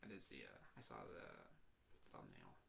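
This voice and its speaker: A man's voice: rumbling low, wildly swooping pitch, moderate pace, creaky. A young man co-hosting a podcast, talking casually and often trailing off mid-sentence. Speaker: podcast co-host. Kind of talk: casual chat. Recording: faint background noise.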